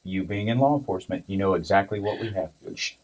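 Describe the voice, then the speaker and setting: A man's voice: low voice, fast talker, crowd noise. A man working as a detective who speaks curtly and firmly, cutting off an arrested woman in a police station. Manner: curt and firm, cuts her off.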